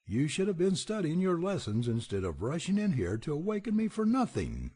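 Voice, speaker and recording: A man's voice: on the high side, wildly swooping pitch, fairly quick, warm tone, slightly rough, pitched above the performer's own voice, heavily acted. A man playing a grumpy old male priest who scolds and fusses. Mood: scolding. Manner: scolding, fussy.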